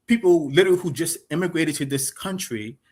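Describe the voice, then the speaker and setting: Caller, male, Gullah Geechee accent, slightly high voice, stammering, turns heated. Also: lively intonation, a little fast, darkish tone, slightly rough. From Charleston, South Carolina. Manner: hesitant, then raises his voice defensively. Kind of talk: heated live-stream debate.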